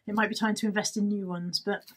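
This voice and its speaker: A woman's voice: medium pitch, flat delivery, fast talker, a bit bright, poor audio. A woman chatting casually through a shopping haul in her vlog, rambling and poking fun at herself. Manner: chatty, rambling, self-deprecating. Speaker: YouTuber showing a shopping haul. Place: indoors at home, at a table. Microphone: camera on the table.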